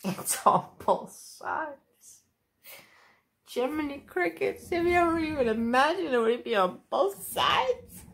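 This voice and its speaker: Her voice is high, sing-song and fairly bright, and she takes a slow pace. This woman hosts a homey craft-channel unboxing video, exclaiming over and over in a gushing way and talking to her dog in between comments.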